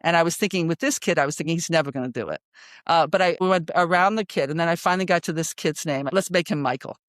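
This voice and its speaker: A woman's voice: fairly low pitch, fast, no echo, studio quality. Emphatic older woman telling stories. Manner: animated and emphatic, often adds "right?". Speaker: guest psychologist. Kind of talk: storytelling in a conversational interview.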